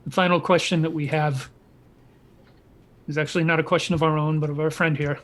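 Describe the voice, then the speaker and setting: A man at a tabletop game who talks in an earnest, explanatory way. His voice sits fairly high for a man. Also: level tone, fairly quick, a bit bright. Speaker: player.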